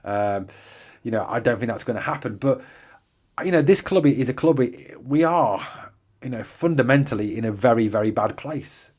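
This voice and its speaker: On a live fan podcast where he reads comments, this male host sounds animated, with a mid-range, darkish voice at a moderate pace. He talks with emphasis, restates his points, and keeps asking rhetorical questions.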